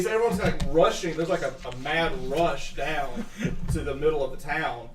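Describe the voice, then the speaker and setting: A man's voice: a little high, moderate pace, echoey room, distant mic, slight background noise. A man narrating a tabletop game as game master, laughing often and breaking into voices for the townsfolk.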